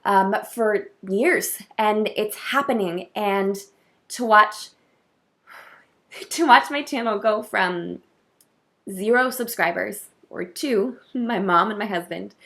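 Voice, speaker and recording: A woman's voice: mid-range voice, slow. Gushing, heartfelt woman wedding planner. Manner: effusive and heartfelt, gushing, with soft laughs. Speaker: wedding coordinator. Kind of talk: casual vlog recap to camera.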